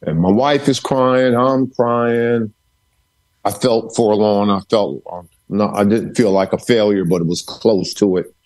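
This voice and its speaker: A man's voice: on the low side, fairly even intonation, measured pace, a little mellow. Emphatic man with a preacher's repetition. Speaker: podcast guest, author. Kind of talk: storytelling interview. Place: home study.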